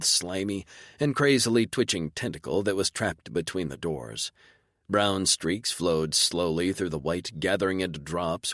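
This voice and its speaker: Deep-voiced man narrating a sci-fi audiobook. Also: fairly bright tone, no room sound, studio quality. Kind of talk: first-person audiobook narration.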